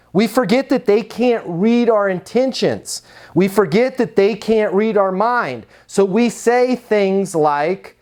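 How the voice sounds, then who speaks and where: Man giving a sales training talk. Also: sits high. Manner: acts out short dialogues with voices.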